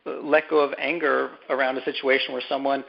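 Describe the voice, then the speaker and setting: A man with a gravelly edge, mid pitch, talking things through slowly as an interview guest. He restarts phrases and repeats words while he thinks. The sound is dull and lo-fi. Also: little pitch movement, slight background noise. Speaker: author and guest. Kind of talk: conversational interview.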